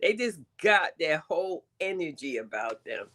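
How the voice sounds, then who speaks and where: A woman's voice: low voice, big pitch swings, moderate pace, fairly bright tone. A woman with a thick Brooklyn accent hosts a casual livestream. She talks bluntly and emphatically, and she breaks into laughter often as she chats. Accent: Brooklyn New York. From Brooklyn, New York. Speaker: stream host reading cards.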